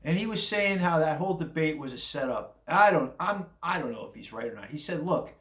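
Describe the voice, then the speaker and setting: Older male commentator, rambling and blunt, slightly raised pitch, recorded in an echoey room. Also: expressive, brisk, a bit bright. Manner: rambling, blunt, chuckling asides. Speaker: commentary vlogger. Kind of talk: casual opinion monologue.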